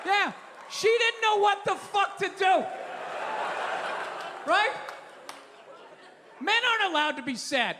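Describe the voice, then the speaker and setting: A middle-aged man doing a profane stand-up routine, ranting and shouting bits to a live audience. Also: very high-pitched. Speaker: stand-up comedian. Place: stage before a live audience. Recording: live venue with long reverb, light crowd noise.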